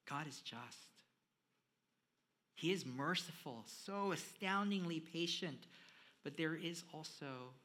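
A man preaching a sermon, chatting with his congregation and swinging between hushed lines and emphatic ones. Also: fairly high pitch, takes it slowly, pauses often. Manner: conversational, with fillers, addresses the audience.

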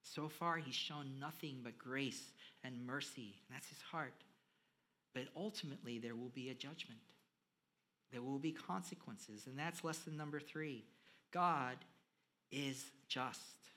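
Bright-voiced, animated male preacher. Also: medium pitch, a little slow. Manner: animated, swinging between hushed and emphatic; conversational, with fillers, addresses the audience. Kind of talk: sermon.

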